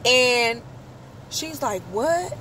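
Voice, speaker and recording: Woman, high voice, slow delivery, swearing her way through a dramatic personal story, faint car hum behind. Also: rough recording. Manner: animated, profane, exclaims in quoted outbursts. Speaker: vlogger. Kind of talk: casual storytelling.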